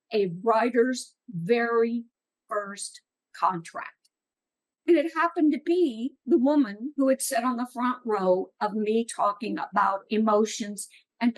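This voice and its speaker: A woman's voice: fairly high pitch, rough recording. A middle-aged woman giving an earnest, encouraging talk at a writing workshop. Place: meeting room.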